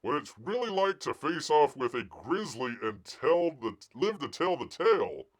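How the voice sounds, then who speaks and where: A man hosts a casual live news stream, reading articles aloud and breaking in with sarcastic jabs. His pitch leaps and drops often, and he keeps slipping into mocking voices for the people he talks about. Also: very animated, measured pace. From United States.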